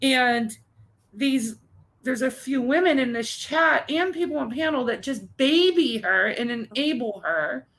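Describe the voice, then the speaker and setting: A woman with a high voice and a gravelly, fry-laced edge rants in a casual chat. She sounds exasperated as she tells a long complaint to a friend. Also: expressive, measured pace, a bit bright, poor audio. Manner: ranting, exasperated storytelling with mocking mimicry. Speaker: co-host.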